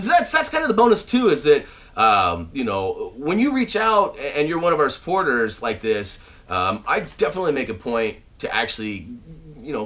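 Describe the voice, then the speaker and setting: A man hosting his own channel from home, chatting casually to viewers with plenty of fillers and restarts. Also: medium pitch. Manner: animated and chatty, many fillers and restarts, shouts out names. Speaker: channel host. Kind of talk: casual video update to viewers. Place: at home, indoors.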